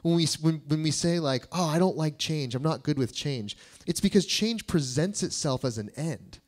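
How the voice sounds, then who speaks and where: A young adult man giving a sermon as a pastor, in a relaxed, conversational way with jokes for the congregation. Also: on the high side, moderate pace. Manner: casual and conversational, joking with the congregation.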